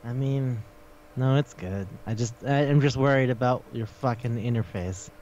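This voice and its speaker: A man's voice: medium pitch, moderate pace, darkish tone, highs cut off, slight background noise. Laughing, cursing man in a podcast chat. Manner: laughing, profane, rambling retelling. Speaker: podcast co-host. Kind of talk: casual chat.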